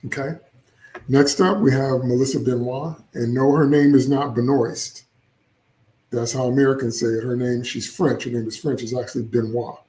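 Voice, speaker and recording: A man's voice: mid-range voice, fairly even intonation, a little fast, dark tone, roomy sound, low-quality recording. A man hosting casual solo commentary, opinionated and chatty with frequent asides. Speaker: comics channel host.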